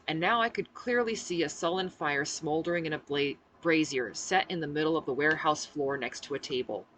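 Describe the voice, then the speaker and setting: A woman's voice: sits low, a bit bright, slight background noise, rough recording. A woman reading her own novel aloud in the first person, voicing the dialogue expressively. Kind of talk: audiobook-style first-person narration.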